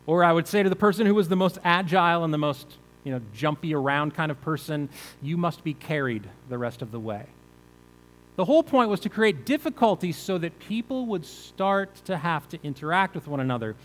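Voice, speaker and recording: A man's voice: fairly high pitch, big pitch swings, moderate pace, big-room sound, rough recording. A male pastor preaching a conversational sermon, asking the listeners rhetorical questions.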